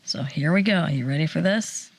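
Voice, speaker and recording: A woman in her forties, a podcast co-host telling a personal story in casual chat, animated and acting out the quotes. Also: low-pitched, gravelly, slightly rough. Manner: animated storyteller, acts out quotes, fast bursts.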